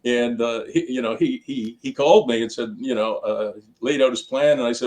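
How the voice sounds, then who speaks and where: A man's voice: mid-range voice, normal speed, hardly any pauses, darkish tone. An older man, a guest on an interview show, answering questions in a chatty, storytelling way and laughing between his points. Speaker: guest, sports team founder. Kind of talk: casual interview talk. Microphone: on camera, video interview.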